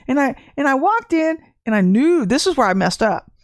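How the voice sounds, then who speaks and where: A middle-aged woman giving an informal testimony sermon on a livestream, animated and storytelling, with laughter and acted-out quotes. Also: sits high, a little fast, dry recording, studio quality. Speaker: livestream minister.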